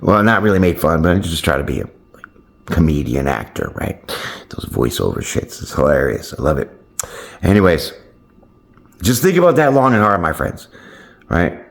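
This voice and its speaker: Deep-voiced man giving a casual pep talk. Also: very animated, normal speed, gravelly, long pauses. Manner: keeps checking in with "right?" and "my friends"; loose, slangy and upbeat, with playful swearing. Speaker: tarot channel host. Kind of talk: casual motivational chat to camera.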